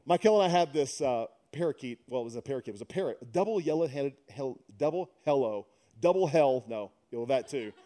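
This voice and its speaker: A man's voice: mid-range voice, lively intonation, fast, hardly any pauses, dark tone. A middle-aged man preaching a sermon, mixing humorous conversational stories with emphatic preaching. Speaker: pastor.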